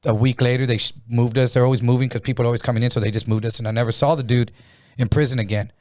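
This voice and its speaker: A man's voice: mid-range voice, fairly even intonation, rapid-fire, darkish tone, dry recording, clean studio sound. A middle-aged man telling a slangy, profanity-laced story in a casual podcast chat. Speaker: comedian guest.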